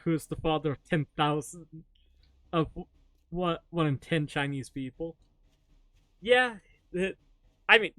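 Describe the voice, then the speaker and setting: A man's voice: on the high side, fairly bright tone, no echo. A man chatting casually to his live-stream audience while gaming, rambling, joking and swearing offhandedly.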